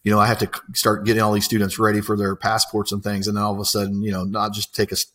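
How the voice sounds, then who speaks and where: A man's voice: fairly low pitch, monotone, racing, a bit bright. A man, an apprenticeship coordinator telling stories in a casual, enthusiastic interview, rambling with many fillers.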